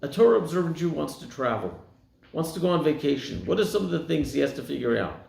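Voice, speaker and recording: A man's voice: expressive, fast talker, vocal fry, a little mellow. A man rabbi giving a sermon, telling stories and acting out the people in them. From United States. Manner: storytelling, voicing quoted people with rising pitch. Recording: echoey room.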